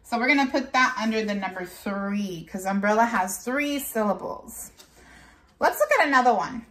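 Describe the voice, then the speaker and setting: A woman teacher leading a morning lesson for young children, speaking slowly and clearly and repeating words so the class can follow along. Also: mid-range voice, fairly bright tone. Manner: slow, clear, drawn-out classroom delivery; switches into Spanish for the date.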